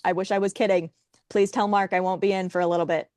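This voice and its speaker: A young woman co-hosting a casual chat, telling a story in a wry, animated way and acting out what others said. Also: mid-range voice, fast talker, dry recording. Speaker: podcast co-host.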